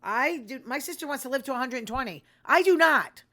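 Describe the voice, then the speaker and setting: An older woman talks through a casual monologue, blunt and self-deprecating. She wanders from one thought to the next. Her voice has a bright, forceful edge. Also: sits high, expressive, a little fast. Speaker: host.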